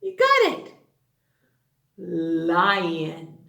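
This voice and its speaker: A woman's voice: lowish voice, huge pitch swings, drawn-out words, gravelly, bright, forceful tone. A woman teaching a phonics lesson to young children, sing-song and exaggerated, drawing out her sounds. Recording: echoey room.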